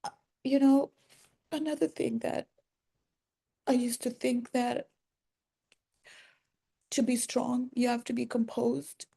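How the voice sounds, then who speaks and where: A woman talking to camera in a personal, reflective vlog, earnest and soft-spoken, often pausing and restarting her sentences. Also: fairly high pitch, steady tone, gravelly, slightly rough. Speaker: vlogger.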